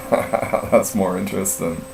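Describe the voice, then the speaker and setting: A middle-aged man with a low, gravelly voice rambles through a profane story in casual live-stream chat, slow and full of fillers. He sits back from the mic in a roomy space, with a faint mains hum underneath. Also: darkish tone, distant mic.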